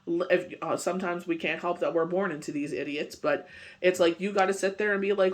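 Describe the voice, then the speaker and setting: A man's voice: high-pitched, steady tone, a little fast. A man giving a casual daily tarot reading, rambling with lots of "you know" and "it's just like", still getting over a bad cold. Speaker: tarot reader.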